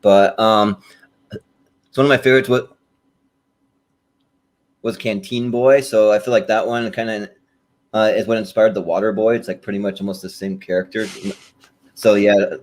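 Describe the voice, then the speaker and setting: Rambling low-voiced man. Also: fairly even intonation, moderate pace, long pauses. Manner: rambling, many fillers and restarts, laughs often. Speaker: podcast co-host. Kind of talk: casual chat.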